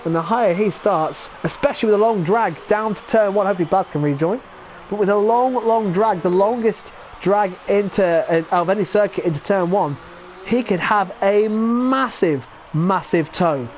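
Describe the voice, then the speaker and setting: An English man commentating live on an online sim racing league, chatty and excitable, often correcting himself. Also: high-pitched, moderate pace, a little hiss or hum. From England. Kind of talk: live esports race commentary.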